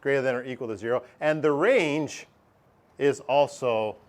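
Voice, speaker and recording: A man's voice: mid-range voice, normal speed. A man teaching a math lesson to a classroom, explaining casually and joking with students. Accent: Canadian.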